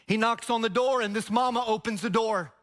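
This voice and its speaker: A man's voice: very high-pitched, fairly quick, a bit bright. A male pastor preaching a sermon, telling a story energetically and drawing the congregation into call-and-response.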